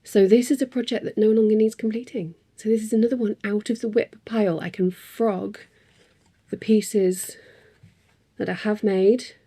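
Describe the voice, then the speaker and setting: A woman's voice: mid-range voice, steady tone, moderate pace, warm tone, breathy edge. A woman in a casual craft vlog, chatting in a rambling way with frequent ums and little laughs. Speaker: craft vlogger. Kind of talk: casual chat.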